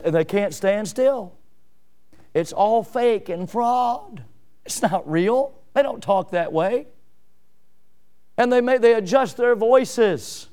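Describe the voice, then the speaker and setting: A man pastor preaching a sermon in an animated, emphatic way, full of rhetorical questions. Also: high-pitched, smooth.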